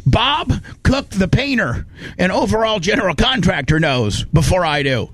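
A man hosting a loose, chatty studio show, ranting and laughing through a long story. He jumps up in pitch when he gets worked up and drops low to mimic other people. The sound is dry and close-miked. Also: normal speed, dry recording. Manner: animated storyteller, quotes others in put-on voices. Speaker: podcast host. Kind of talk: casual studio chat.

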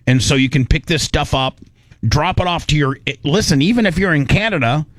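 A radio host with a slightly high voice, rambling and joking between long lists. He is recorded close and dry on a studio microphone. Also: brisk, no echo. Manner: rambling, joking, many fillers. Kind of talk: casual studio banter.

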